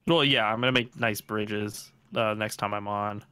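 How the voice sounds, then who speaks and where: Bright-sounding guy goofing around on a game call. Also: lowish voice, steady tone, normal speed, smooth. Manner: playful, jokey. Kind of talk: casual gaming chat on a voice call.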